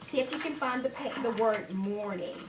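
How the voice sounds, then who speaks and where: A woman teacher leading a guided reading lesson with young children in a classroom, patient and encouraging, speaking slowly and clearly. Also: on the high side. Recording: echoey room from a distance, background noise.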